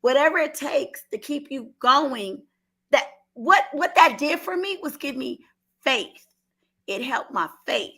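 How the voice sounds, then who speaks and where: On a call-in show, a middle-aged woman from Oakland, California, shares a heartfelt personal story in an Oakland accent. Her voice sits high and is expressive and fairly bright, with a measured pace. She repeats herself and tries not to cry.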